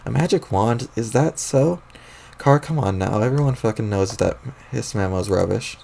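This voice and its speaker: A man's voice: on the low side, lively intonation, moderate pace, gravelly, warm tone, slight background noise, voice pushed down. A man doing a smug, languid troll boy. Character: smug, dramatic young male troll in a scarf. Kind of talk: reading a webcomic aloud on stream.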